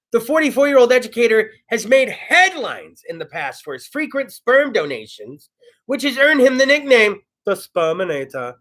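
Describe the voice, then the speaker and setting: High, lively brash male talk host. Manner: brash, profane, animated storytelling. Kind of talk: casual comedic chat.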